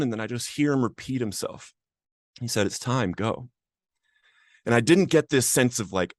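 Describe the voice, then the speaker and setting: A man's voice: mid-range voice, no echo, studio quality. A man hosting a podcast, telling his own addiction recovery story in an earnest, emotional way. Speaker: podcast host. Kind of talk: personal recovery testimony.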